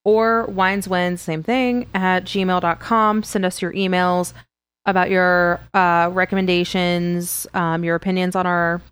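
A woman's voice: lowish voice, fairly even intonation, a little slow, fairly bright tone, smooth, dry recording. A young woman co-hosting a podcast, chatting casually and trailing off with fillers. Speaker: podcast co-host. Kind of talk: casual chat.

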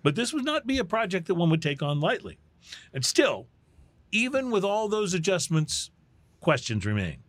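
A man's voice: high voice, big pitch swings, moderate pace, no room sound. A man hosting a casual podcast, reading a funny news story in a mock-newscaster way and laughing often. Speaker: host.

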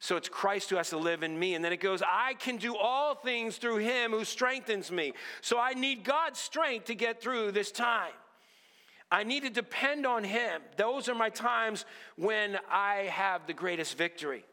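A man preaching an earnest sermon, often dropping to a low hush on key lines. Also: measured pace, long reverb tail. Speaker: pastor.

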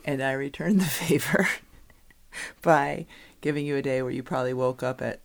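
A woman's voice: extremely low pitch, moderate pace, vocal fry. A middle-aged woman chatting casually as a podcast co-host, telling stories with lots of laughter and restarts. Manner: animated storyteller, laughs often, many restarts. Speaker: podcast co-host, youth basketball coach. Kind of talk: casual chat.

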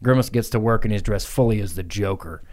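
A man's voice: on the low side, fast, darkish tone. A man co-hosting a comedy podcast, spinning a crude, absurd story with lots of swearing and laughter. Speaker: podcast co-host.

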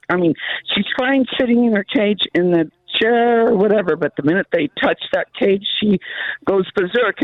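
A woman caller from New Mexico comes through a tinny, dry phone line. She asks her question in a plain, slightly hesitant way. Her voice sits at a middle pitch. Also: no echo.

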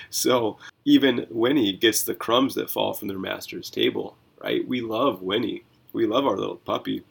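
A man's husky, low-leaning voice, marked by vocal fry, carries a Bible reading podcast he hosts as a pastor. At a measured pace, he talks through scripture in an animated, conversational style with rhetorical questions.

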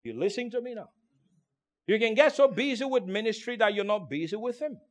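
High-voiced emphatic male preacher. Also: lively intonation, a little fast. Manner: emphatic, calls for congregation responses; swings between hushed and loud delivery. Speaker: pastor. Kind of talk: sermon. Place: church in Turkey.

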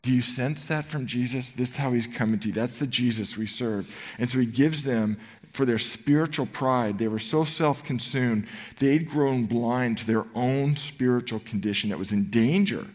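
A man's voice: medium pitch, normal speed, darkish tone. A man preaching a sermon as pastor, conversational and earnest, slipping into quoted voices as he tells stories. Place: church sanctuary. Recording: church hall reverb.

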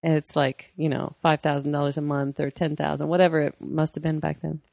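A woman co-hosting a podcast, telling chatty stories and acting out the quotes, with a creaky voice. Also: sits low, level tone, fairly quick, a little mellow, no echo, studio quality. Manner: chatty storyteller, acts out quotes. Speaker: podcast co-host. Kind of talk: casual chat.

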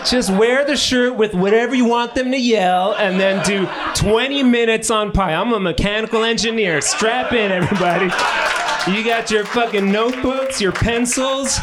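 A man's voice: high-pitched, expressive, moderate pace. A man in his thirties doing crude, rambling improvised stand-up from audience suggestions, laughing at his own jokes on a club stage. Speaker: stand-up comedian. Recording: noisy live club recording.

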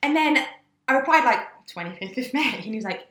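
A young woman from England telling a story in casual chat, animated and swearing, acting out the voices she quotes. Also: mid-range voice, fast, roomy sound. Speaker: guest.

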